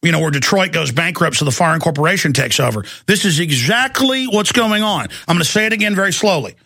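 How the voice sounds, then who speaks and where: A man's voice: fairly high pitch, expressive, quick pace, gravelly, bright, forceful tone, no echo, clean studio sound. A man hosting a talk radio show, ranting urgently with stammered restarts and repetition. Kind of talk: impassioned talk radio monologue.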